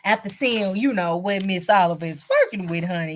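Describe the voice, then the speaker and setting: A young woman giving a casual live recap, chatty and slangy with lots of fillers, clearing her throat from a cough. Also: medium pitch, sing-song, moderate pace. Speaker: show reviewer.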